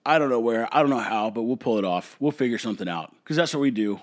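A man from the United States hosting a solo podcast, giving blunt, opinionated rants that swing between calm talk and heated bursts. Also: medium pitch, fast talker. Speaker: podcast host.

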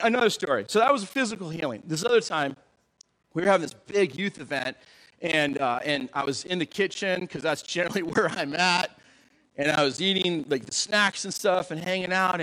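A middle-aged man preaching as a pastor, telling stories in a lively, animated way and acting out the dialogue with big jumps in his voice. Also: on the high side, poor audio. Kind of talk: storytelling sermon.

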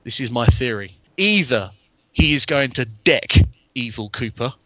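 A man's voice: medium pitch, lively intonation, unhurried, a bit bright, no echo. A man co-hosting a podcast, chatting eagerly and spinning theories about a TV show. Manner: enthusiastic, theorizing. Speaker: podcast co-host. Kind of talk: casual chat.

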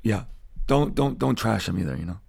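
A man co-hosting a podcast in a relaxed, chatty way, with a slightly mumbly voice. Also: fairly low pitch, fairly quick, dry recording. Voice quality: gravelly, a bit mumbly. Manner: relaxed, chatty, laughs easily. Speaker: podcast co-host. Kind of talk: casual chat.

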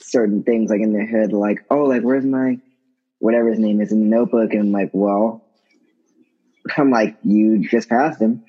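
A man talking as a guest in a casual podcast chat, hesitant with many restarts and a husky voice. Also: fairly low pitch, steady tone, moderate pace, muffled recording.

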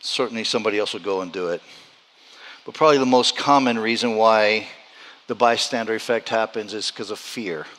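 A pastor preaching a sermon, repeating phrases as he builds to loud, urgent high points. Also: a little fast, in a large hall.

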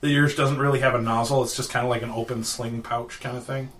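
A man's voice: medium pitch, little pitch movement, brisk, a bit bright. A man narrating as game master, loose and hesitant, full of filler words.

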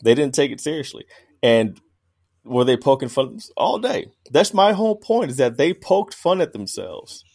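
A man co-hosting a podcast in casual debate chat, emphatic and animated, laughing as he argues. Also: mid-range voice, moderate pace, vocal fry, slightly rough. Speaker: podcast co-host.

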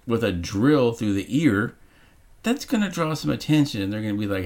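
A man's voice: lowish voice, lively intonation, a little fast, vocal fry, darkish tone. A man co-hosting a podcast, chatting casually and sarcastically about a movie, swearing freely. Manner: sarcastic, profane. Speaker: podcast co-host.

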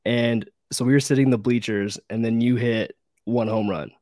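A man's voice: mid-range voice, moderate pace, no echo. A man hosting a laid-back interview, his voice sitting in the middle of the range. The sound is dry and close, with no room in it, and he talks loosely and swears freely. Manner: casual, excited, swears freely. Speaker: podcast host. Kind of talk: casual interview chat.

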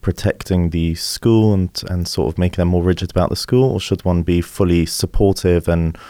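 A man's voice: low voice, normal speed, dark tone, no echo. A man hosting a podcast, asking questions politely and thanking his guest. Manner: polite, asks long questions. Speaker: podcast host. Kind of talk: podcast interview.

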